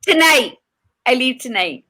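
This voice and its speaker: A woman co-hosting a podcast over a video call from a hotel room, telling stories in animated casual chat with the odd swear. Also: high-pitched, measured pace. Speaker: podcast co-host.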